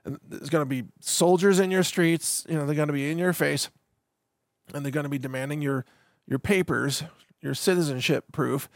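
Gravelly sarcastic male political commentator. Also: a little high, normal speed, no echo, clean studio sound. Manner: mocking, laughs often, rambling asides. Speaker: podcast host.

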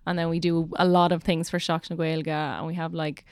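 A woman's voice: low-pitched, little pitch movement, fairly quick, a little mellow, clean tone, dry recording, clean studio sound. Chatty young Irish woman teacher. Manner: chatty, lots of "like" fillers. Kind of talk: casual podcast chat.

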